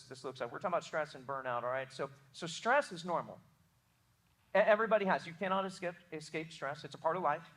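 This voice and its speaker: A young adult male pastor with a Southern American accent preaches earnestly and emphatically, frequently restarting words. His voice sits high and sounds pushed and bright.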